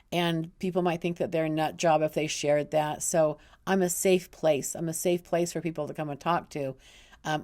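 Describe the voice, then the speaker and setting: Earnest low-voiced woman telling a story. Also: a little mellow. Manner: earnest, many restarts and repeated words. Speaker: intuitive counselor. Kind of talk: casual storytelling monologue.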